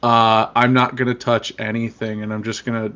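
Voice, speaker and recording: A man's voice: medium pitch, flat delivery, normal speed, sharp tone. Joking man on a dull mic. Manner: joking, stammering. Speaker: player. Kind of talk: casual tabletop game chat.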